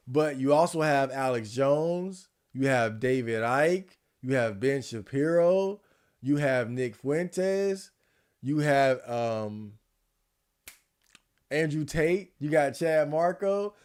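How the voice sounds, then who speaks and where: A man's voice: a little high, a little mellow. A man chatting casually on a livestream, ranting and rambling with frequent restarts.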